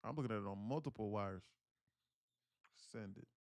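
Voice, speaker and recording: Animated man on a livestream, dry. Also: lowish voice, normal speed, no room sound. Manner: animated storytelling with street slang, acts out quoted voices. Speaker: day trading livestreamer. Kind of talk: casual livestream rant.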